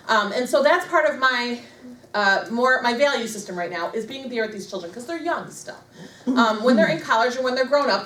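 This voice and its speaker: A high-pitched woman speaks to a live audience as a motivational speaker, poking fun at herself and laughing often. The sound is roomy and echoey, picked up from a distance, with a faint hum of background noise. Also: a bit bright. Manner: self-deprecating and humorous, laughing often. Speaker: motivational speaker at a business leadership meeting. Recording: echoey room, mic far off, faint noise.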